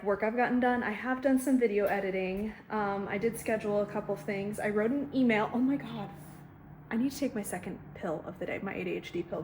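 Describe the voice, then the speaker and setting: A young woman vlogging casually from her home kitchen, talking into a handheld phone camera in quick, chatty bursts full of "oh my God". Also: fairly high pitch, slight background noise. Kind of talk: casual vlog chat.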